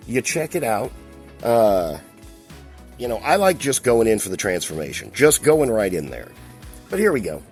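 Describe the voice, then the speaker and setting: Lively folksy man reviewing a toy. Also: medium pitch. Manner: folksy and enthusiastic, talks to viewers as he handles the toy. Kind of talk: casual toy review and unboxing.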